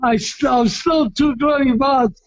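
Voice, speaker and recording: A middle-aged man from Massachusetts, a retired boxer telling stories in an interview, loud and excitable, often shouting and restarting his sentences. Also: extremely high pitch, a little slow, muffled recording. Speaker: retired heavyweight boxer, guest. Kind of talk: casual storytelling interview.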